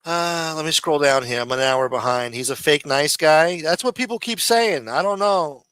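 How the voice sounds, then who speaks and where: Blunt, profane New ranter. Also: male voice, a little high, normal speed, fairly bright tone, clear, resonant tone, no echo. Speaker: livestream host. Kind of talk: profane ranting commentary.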